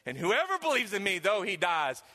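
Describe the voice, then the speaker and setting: A preacher voicing a gentle, comforting man. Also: high-pitched, huge pitch swings, normal speed, exaggerated voice. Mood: tender. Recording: long hall reverb.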